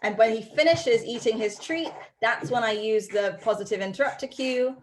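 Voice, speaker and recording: A woman's voice: on the high side, normal speed, noisy background. A woman dog trainer teaching a live online class over a video call from her home study, upbeat and chatty with frequent ums.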